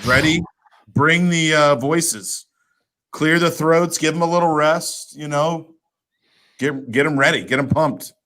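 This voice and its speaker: Male podcast co-host, higher voice, joking, upbeat casual chat. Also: unhurried, a bit bright.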